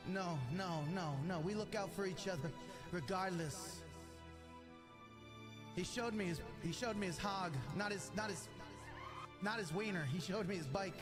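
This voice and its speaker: A man streaming, whipping himself into a loud, profane, repetitive hype speech. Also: sits high, measured pace, pauses often. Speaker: streamer hosting an initiation. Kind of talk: hyped live-stream monologue. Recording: clip with loud music behind.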